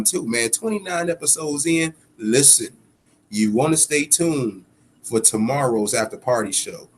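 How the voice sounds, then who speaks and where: A man hosting a boxing podcast alone, ranting heatedly with profanity and repeating himself for emphasis. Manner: heated, profane ranting with sudden swells in pitch and loudness. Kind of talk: solo podcast commentary.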